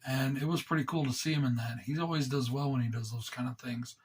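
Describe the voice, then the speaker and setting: A man hosting his own movie review channel, talking low and rambling casually with a sore throat. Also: quick pace, slightly rough. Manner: relaxed, rambling, enthusiastic with fillers.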